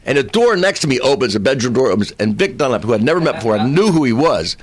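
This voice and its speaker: A man in his sixties, a comedian, telling a comic anecdote in an animated way. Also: mid-range voice, fast talker, raised voice. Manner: animated storyteller, acting out voices. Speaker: comedian guest.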